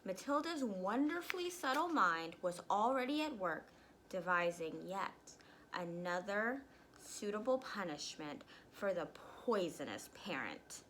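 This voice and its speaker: A woman reading a children's storybook aloud, pausing to explain words for young listeners. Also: medium pitch, big pitch swings, a bit bright, a little hiss or hum, poor audio. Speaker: reader.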